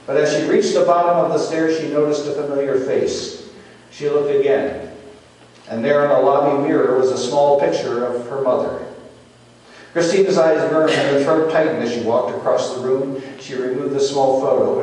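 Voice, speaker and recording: A man's voice: mid-range voice, a little mellow, slight background noise. A male pastor preaching a sermon, telling stories vividly and building to rising intensity. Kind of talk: sermon with dramatic storytelling. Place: church sanctuary. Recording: echoey hall, from far off.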